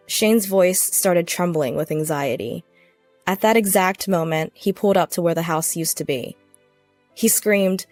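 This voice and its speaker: Woman, story narrator, steady delivery, dry sound, soft music behind. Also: fairly low pitch, a little slow, dry recording. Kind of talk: scripted first-person story narration.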